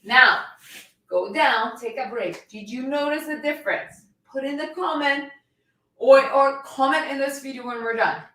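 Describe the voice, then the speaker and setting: A woman's voice: a little high, a bit bright. A woman fitness coach leading a live workout class, talking energetically and coaxing her viewers while she demonstrates a plank. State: shaking from holding a plank. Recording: very echoey room, voice distant from mic.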